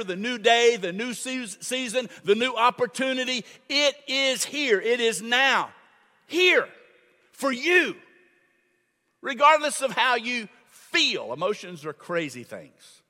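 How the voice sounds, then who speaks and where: An older man preaching to his congregation, with a high, bright voice and an unhurried delivery. He repeats phrases for emphasis and calls on the listeners to answer back. The church hall rings with a long echo. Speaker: pastor. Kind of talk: sermon. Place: church sanctuary.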